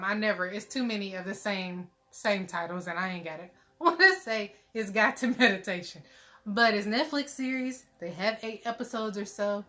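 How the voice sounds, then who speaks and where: A woman's voice: mid-range voice, a bit bright. A woman hosting a meditation group, chatting in a casual, playful and joking way, full of fillers. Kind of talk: casual livestream chat.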